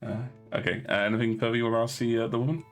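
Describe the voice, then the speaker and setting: A man's voice: mid-range voice, little pitch movement, racing, faint music behind. A man narrating as game master, hesitant and full of fillers.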